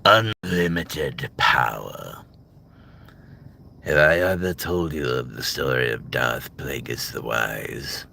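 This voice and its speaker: An old Sith lord purrs in an extremely deep, crackling voice, drawing every word out with slow menace, as a man puts him on. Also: expressive, gravelly, sharp tone, full character voice. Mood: menacing. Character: sinister old male Sith lord, scheming.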